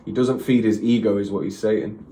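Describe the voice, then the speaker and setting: A man's voice: lowish voice, steady tone, normal speed, warm tone, reverberant, recorded from a distance, a little hiss or hum. A man hosting a reaction video, thinking aloud in casual commentary, repeating lines and stumbling over his words.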